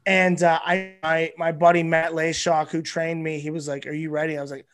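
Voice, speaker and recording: A man's voice: fairly high pitch, flat delivery, fairly quick, a bit bright, faint music behind. A male comedian guesting on a podcast, telling a rambling, profane story in casual chat.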